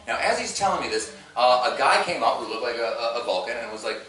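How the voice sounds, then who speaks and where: A man's voice: mid-range voice, fast, few pauses, pushed and bright. A man in his thirties doing a stand-up set, telling stories with acted-out quotes and laughing at his own jokes. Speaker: stand-up comedian. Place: convention stage before a live crowd. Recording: echoey room, far from the mic, noisy.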